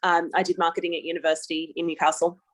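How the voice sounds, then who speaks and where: A woman's voice: lowish voice, level tone, fast. An Australian woman giving a chatty webinar presentation over a video call, laughing easily. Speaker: guest speaker.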